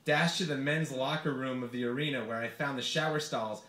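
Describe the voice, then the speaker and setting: A man reading his own comic personal essay aloud to a live audience in a bar, with a vivid, expressive storytelling delivery. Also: mid-range voice, normal speed, reverberant. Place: bar hosting a reading series.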